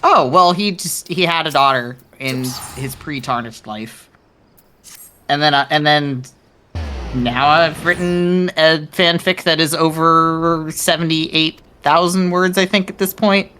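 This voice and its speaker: A woman with a low but bright voice chats casually as a stream guest. She is animated and laughs often, with faint music underneath. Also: a little slow. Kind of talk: casual chat.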